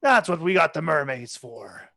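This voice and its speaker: A game master narrating a tabletop game in a relaxed way, often laughing. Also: medium pitch, moderate pace, no echo.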